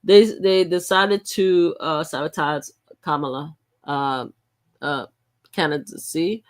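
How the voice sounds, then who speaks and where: A woman's voice: low-pitched, slow pace. Woman, middle-aged, live-stream host, casual commentary, emphatic, rambling, restarts often. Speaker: livestream host.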